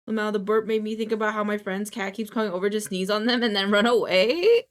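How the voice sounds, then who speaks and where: A woman's voice: medium pitch, a little fast, vocal fry. A woman VTuber streamer in casual live-stream chat, chatty and swearing freely as she coos at her cat.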